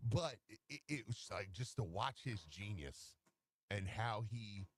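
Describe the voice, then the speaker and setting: A man's voice: fairly low pitch, lively intonation, measured pace. A man co-hosting a sports radio show and working as a basketball coach, talking in casual banter, laughing and retelling conversations with lots of fillers.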